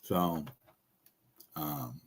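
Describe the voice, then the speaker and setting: A man ranting in casual commentary, blunt and profane, his voice going hoarse as he talks. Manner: blunt, profane, fast-talking. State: losing his voice. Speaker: show host.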